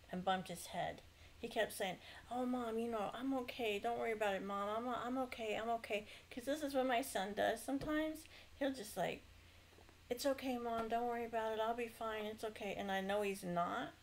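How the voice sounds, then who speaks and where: Chatty middle-aged woman with a gravelly voice. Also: medium pitch, slight background noise, poor audio. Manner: rambling, chatty, frequent self-corrections and fillers. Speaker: speaker recounting a dream. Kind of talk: casual personal testimony.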